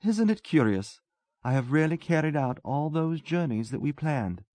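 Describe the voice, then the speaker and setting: A man reading a story voices a wistful English gentleman who talks earnestly and tenderly. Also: on the high side, lively intonation, moderate pace, no echo, voice pushed up, lightly acted. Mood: light, musing.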